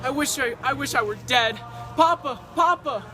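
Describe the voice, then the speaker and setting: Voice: high-pitched, normal speed, pushed and bright, soft background music. A performer playing a nervous young bride who stammers and pleads in an amateur stage play. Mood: pleading. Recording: noisy with traffic behind.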